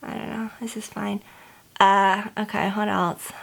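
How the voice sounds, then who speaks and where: A woman's voice: mid-range voice, flat delivery, measured pace, creaky, a bit bright. A woman, a beauty vlogger, gossiping in casual chat while she does her makeup, rambling and saying "like" a lot. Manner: chatty and rambling, heavy use of "like".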